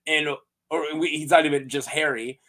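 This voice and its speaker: A man casually recapping fantasy story lore, playful and quick to laugh, with lots of fillers. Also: on the high side. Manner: playful, animated, laughs often, many fillers. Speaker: host of a fantasy lore channel.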